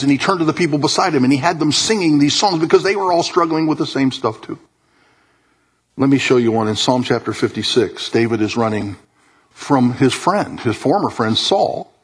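Husky guy preaching a sermon to a church crowd, kinda high voice, goes quiet then bursts up loud. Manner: animated preaching, swinging from low murmurs to high emphatic bursts. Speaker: pastor. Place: church hall with congregation.

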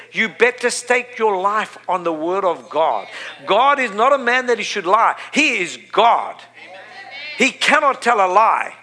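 Bright-voiced emphatic male preacher. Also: high-pitched. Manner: emphatic, repeats phrases, builds to loud peaks. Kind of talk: sermon.

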